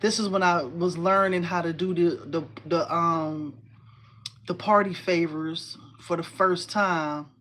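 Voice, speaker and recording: A woman in her forties hosting a casual crafting livestream, chatty and animated, talking to viewers and reading their comments. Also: lowish voice, unhurried, slight background noise. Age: 40s. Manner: chatty and animated, addresses viewers as y'all, laughs often.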